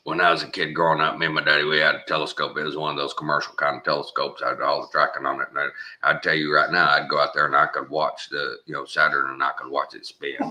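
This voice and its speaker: A man's voice: rumbling low, level tone, quick pace, sharp tone, exaggerated voice. A man putting on a boastful, blustering middle-aged man who spins a folksy tall tale in a swaggering manner.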